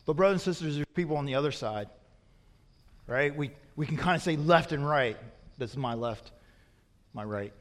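A preaching pastor in a reverberant hall. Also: male voice, on the high side, expressive, normal speed, pauses often. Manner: asks the congregation repeated rhetorical questions; grows forceful and emphatic when warning. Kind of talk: sermon. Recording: long reverb of a large hall.

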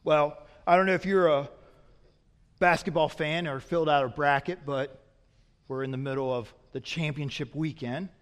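A man preaching a sermon as a pastor, swinging from loud emphatic peaks to quiet, low asides. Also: fairly even intonation, moderate pace, long reverb tail.

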